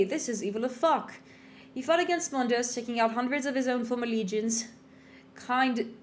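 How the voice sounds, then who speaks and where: Woman doing a put-on British accent, crude swaggering young woman, sarcastic and offhand, slightly high voice. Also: a little hiss or hum, close to an everyday voice.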